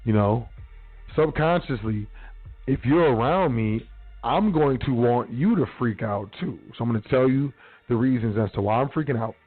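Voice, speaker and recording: Heard through a phone-like radio feed with soft music behind, a man with a medium-pitched, slightly breathy voice speaks at normal speed. He hosts a casual one-man talk show, lecturing listeners bluntly in street slang laced with profanity.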